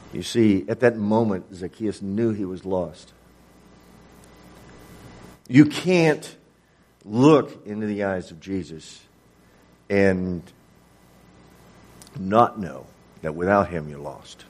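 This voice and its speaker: Husky man preaching a sermon. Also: fairly low pitch, slow, pauses often, darkish tone. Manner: storytelling with acted-out dialogue.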